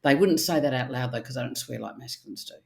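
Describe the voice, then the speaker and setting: A middle-aged woman, a therapist speaking in casual podcast chat, animated and blunt, with the odd swear word. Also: a bass voice, fast talker, creaky. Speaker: archetypal therapist guest.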